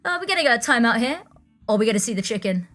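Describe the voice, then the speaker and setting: A British woman calls a live esports match, her voice sitting a little high. She jokes around with her co-caster, then snaps into quick play-by-play. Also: sing-song, a bit bright, faint music behind. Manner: playful banter, quick play-by-play.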